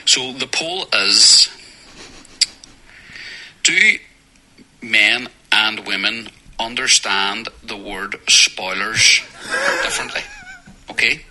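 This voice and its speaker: A man leaving a voice note for a podcast, speaking in a deliberate, emphatic way and drawing out his words. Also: on the low side, sharp tone, low-quality recording. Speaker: sender of a voice note. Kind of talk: recorded voice message.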